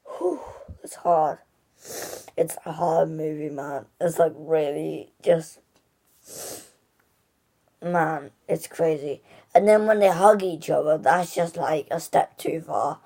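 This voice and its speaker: Woman reviewer, unhurried and gravelly, gushy rambling delivery full of fillers. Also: low voice, warm tone. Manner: gushing and rambling, full of "like" and restarts. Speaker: movie reviewer. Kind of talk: casual spoken film review.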